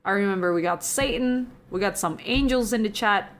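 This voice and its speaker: A young woman streamer chatting casually with her viewers and reading the chat, giggly and chatty, going from soft to excited. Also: medium pitch, a little fast.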